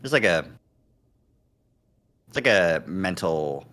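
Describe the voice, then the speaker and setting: Brief: low-pitched man, lively swings, crude joking streamer reading a visual novel. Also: takes it slowly. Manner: joking, crude, laughing often. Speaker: streamer host. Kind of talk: casual chat while reading a visual novel aloud.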